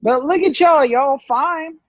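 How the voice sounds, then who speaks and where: A woman on a podcast, making deadpan joking quips in casual chat. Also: sits high, slow, no echo. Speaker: podcast co-host. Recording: dry dull lo-fi sound.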